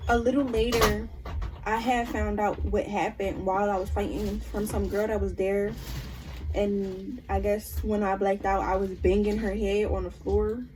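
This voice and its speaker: A young woman vlogger in casual storytime chat, animated as she retells a fight and quotes the other people in it. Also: mid-range voice, a little slow, slight background noise, low-quality recording.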